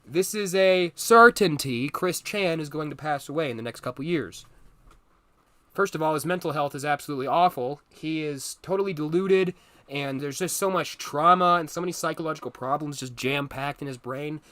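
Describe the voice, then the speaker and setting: A man delivers a solo commentary monologue in a bright, fairly high voice. He speaks bluntly and with emphasis, leaning on repeated words. The recording is dry and close. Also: normal speed, no echo. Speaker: commentary channel host.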